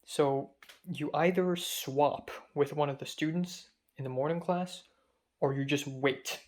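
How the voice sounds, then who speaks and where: A man's voice: fairly high pitch, steady tone, unhurried. Chatty young man rambling. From Hong Kong. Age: young adult. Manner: chatty, self-deprecating, rambling asides. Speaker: film student vlogger. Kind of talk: casual storytelling monologue.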